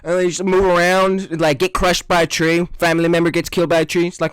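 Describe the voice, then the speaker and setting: Sarcastic male vlogger ranting, high lively voice, dry sound. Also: fast, hardly any pauses, clear, resonant tone, dry recording. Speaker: video creator. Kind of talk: comedic commentary vlog.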